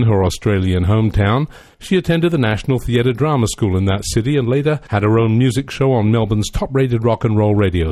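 A man hosts a radio interview, his pitch rising and falling in a lively way. The sound is close and dry, with no room around it, and he moves from read introductions into relaxed questions. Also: no echo. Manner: scripted, measured introductions, then easy conversational questions. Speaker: radio show host.

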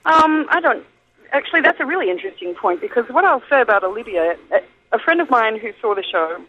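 A woman's voice: a little high, lively intonation, fairly quick, slightly rough. Australian woman on a tinny phone line. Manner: chatty, thinks aloud with frequent ums and restarts. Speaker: guest actor. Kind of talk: casual interview over the phone. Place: airport waiting area.

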